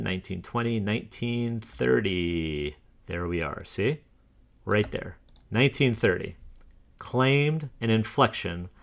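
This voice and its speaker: A man's voice: lowish voice, fairly bright tone. A man giving a casual, argumentative walkthrough of charts on his screen, scornful and laughing dismissively. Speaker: commentator.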